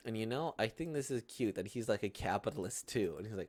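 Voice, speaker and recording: A man's voice: fairly low pitch, expressive, quick pace, few pauses, darkish tone. A man giving casual reaction commentary, rambling and hesitant, with constant tag questions. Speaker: manga reaction host.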